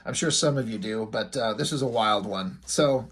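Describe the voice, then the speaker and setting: A man's voice: fairly low pitch, moderate pace, fairly bright tone, breathy edge. A man giving a casual comic book review, talking in an offhand, wry and rambling way.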